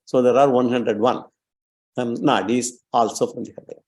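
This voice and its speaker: A man giving a religious lecture, explaining Sanskrit terms slowly and carefully. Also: mid-range voice, fairly even intonation, darkish tone. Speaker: scripture teacher.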